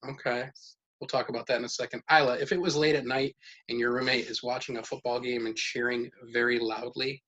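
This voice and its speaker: A man's voice: mid-range voice, flat delivery, brisk, sharp tone. A man leading a casual life-skills lesson at home with his children, asking questions and praising their answers. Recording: dull lo-fi sound with faint noise.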